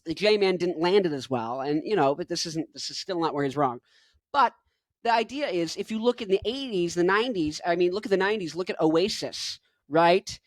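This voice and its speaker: A man in his twenties giving rambling, jokey reaction commentary, jumping into loud bursts. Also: high voice, lively intonation, moderate pace, no echo. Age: 20s. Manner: rambling, jokey, goes off on tangents. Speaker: rock musician reacting to a video.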